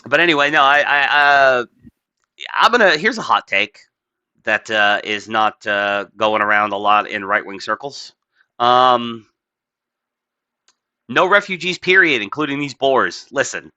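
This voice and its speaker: A man's voice: mid-range voice, a little slow, long pauses, pushed and bright, clear, resonant tone, no echo, muffled recording. A man hosting a casual podcast, rambling and profane, packing his talk with "like" and laughing often. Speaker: podcast host. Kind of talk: casual opinionated podcast chat.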